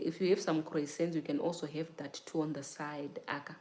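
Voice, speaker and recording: A woman's voice: low voice, steady tone, a little fast, few pauses, mellow, roomy sound. A young adult woman chatting casually with viewers during a hair-care livestream, laughing often and asking "you get it?". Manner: repeats "you get it?" and "child". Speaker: natural hair vlogger. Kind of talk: casual livestream chat while taking down braids.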